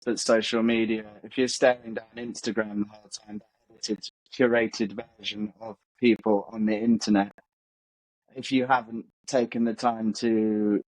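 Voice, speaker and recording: A man's voice: medium pitch, a little mellow, poor audio. A man hosting a podcast, agreeable and reflective, often chiming in with agreement. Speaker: podcast host. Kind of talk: conversational interview.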